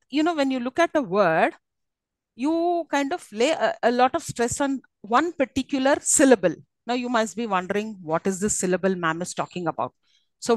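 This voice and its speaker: A woman with an Indian English accent and a fairly high voice gives a live online university lecture, explaining at length with many fillers and restarts. She often checks in with her class, and the recording is rough with no echo.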